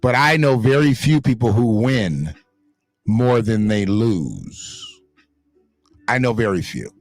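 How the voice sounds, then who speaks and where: A man's voice: mid-range voice, big pitch swings, slow pace, no room sound, faint music behind. A man hosting his own online show, talking in blunt, profane, emphatic casual commentary.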